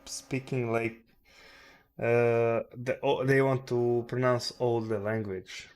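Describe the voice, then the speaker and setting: A man hosting a live trading stream, muttering to himself and cursing at the charts with sudden loud outbursts. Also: mid-range voice, flat delivery, slow, clean tone. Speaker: livestream day trader host. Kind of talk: casual live-stream commentary.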